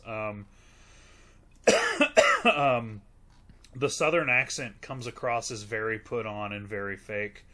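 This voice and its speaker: A man's voice: mid-range voice, bright, forceful tone. A man in casual podcast chat about a movie, rambling and gushing, full of fillers and swearing. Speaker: podcast co-host reviewing a movie.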